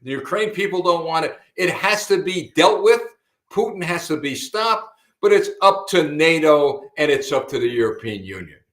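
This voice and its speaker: A man's voice: fairly high pitch, expressive, normal speed, a bit bright. Emphatic older man, echoey. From United States. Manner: emphatic, repetitive, keeps addressing listeners as folks. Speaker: host. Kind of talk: political commentary broadcast. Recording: roomy echo.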